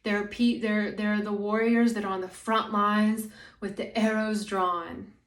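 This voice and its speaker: A woman's voice: mid-range voice, little pitch movement, a little slow, echoey room. A woman acting as a spiritual guide, talking casually and rambling with many "like" fillers. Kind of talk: spiritual monologue.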